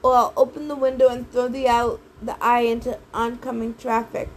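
A sarcastic, stubborn teenage boy from a storybook, voiced by a woman reading aloud. The voice sits high. A faint hiss runs under it. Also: level tone, moderate pace, close to an everyday voice, rough recording. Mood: demanding. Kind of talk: audiobook character voices.

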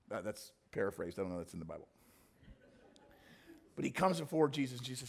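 A man's voice: mid-range voice, big pitch swings, a little fast, creaky, pauses often, husky. A male pastor preaching a sermon, telling a story with dramatic shifts.

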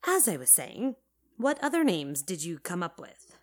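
A woman's voice: on the low side, sing-song, normal speed. A woman voicing an impatient male documentary director in an audio story, snapping questions at the people he films. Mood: questioning. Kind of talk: audio drama narration.

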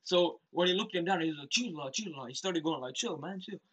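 Teen boy, rapid animated storyteller, slightly high, bright voice. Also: slightly rough, muffled recording. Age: teens. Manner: animated storytelling, acts out quotes, laughs. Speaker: storyteller brother. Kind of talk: casual chat.

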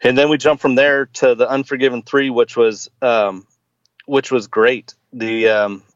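A man's voice: medium pitch, fairly even intonation, unhurried, no room sound, muffled recording. A man in his forties, a podcast guest, chatting casually and hesitantly with many fillers and restarts. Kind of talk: casual chat.

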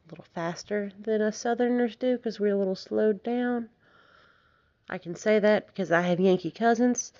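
A woman in her thirties from Alabama speaks with a soft Southern twang in a rambling, chatty podcast monologue. She giggles easily, swears casually and pokes fun at herself. The recording sounds a little dull and lo-fi. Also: medium pitch. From Alabama, United States. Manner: giggly, swears freely, self-mocking. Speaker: podcast host.

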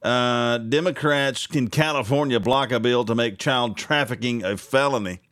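A man's voice: mid-range voice, normal speed, dry recording, clean studio sound. Blunt, laughing male radio host. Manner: blunt, animated, laughs often. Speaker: radio talk show host. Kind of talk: opinionated morning talk radio.

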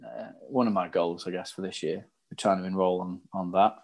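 A man's voice: low voice, steady tone, a little fast. A man in casual chat as co-host, talking about coaching and studies, laughing easily at himself. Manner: laughs easily, self-deprecating.

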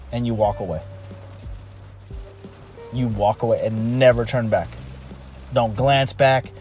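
At home during a rainstorm, a man in his thirties speaks casually and emphatically, repeating himself and restarting phrases. His mid-range, darkish voice is unhurried, with long pauses, while pouring rain and faint music sound behind him.

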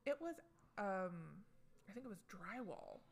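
Young woman dishing celeb gossip, a bit of vocal fry, chatty and joking. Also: mid-range voice, very animated, unhurried. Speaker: co-host. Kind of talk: casual pop culture chat.

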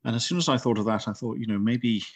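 A middle-aged author talking in a relaxed interview, thoughtful and rambling with frequent restarts. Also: male voice, medium pitch, fast talker, slightly rough, dry recording, muffled recording. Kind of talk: casual interview chat.

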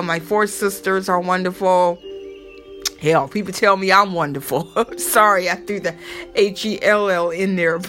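A woman's voice: medium pitch, a bit bright. A woman talking casually and emphatically to her audience, giving motivational advice with lots of repetition and rhetorical asides. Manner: chatty, emphatic, preachy with repeated exhortations. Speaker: motivational host.

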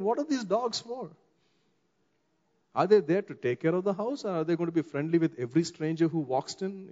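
A middle-aged man with an Indian English accent, preaching a sermon as a pastor and slowing down for emphasis. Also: mid-range voice. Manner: expressive, slows down for emphasis, acts out quoted voices. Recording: long hall reverb, dull muffled sound.

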